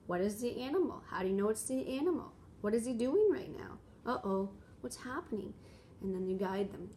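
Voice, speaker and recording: A woman giving reading tips as a parent, talking warmly and switching into playful voices for the story. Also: fairly high pitch, expressive, fairly quick, a little hiss or hum. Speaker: parent teaching reading at home. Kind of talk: instructional talk with expressive read-aloud.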